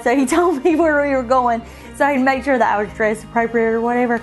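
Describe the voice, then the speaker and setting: Animated woman telling her own story. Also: fairly quick, low-quality recording. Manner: animated, laughs often, quotes herself in a higher voice. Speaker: bride interviewed about her engagement. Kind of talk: emotional storytelling interview. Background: soft background music.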